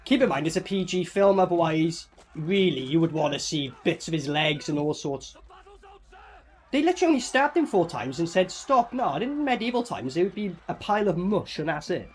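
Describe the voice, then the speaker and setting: A man doing a casual movie reaction, excitable and swearing freely as he comments. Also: fairly high pitch, fairly quick. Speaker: movie reviewer.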